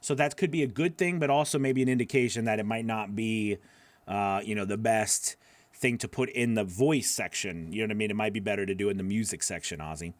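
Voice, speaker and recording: A man's voice: fairly low pitch, brisk, no room sound. Chatty man coaching live. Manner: loose and chatty, many fillers, laughs at himself. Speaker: voiceover coach hosting a live Q&A. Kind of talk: casual live Q&A answering viewer questions.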